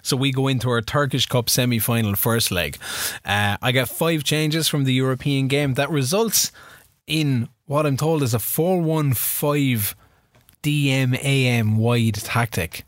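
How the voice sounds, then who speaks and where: A man's voice: mid-range voice, unhurried, dry recording, clean studio sound. A man co-hosting a casual podcast, bantering and teasing his partner. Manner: teasing, banter, reads lists aloud. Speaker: podcast co-host. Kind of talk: casual chat.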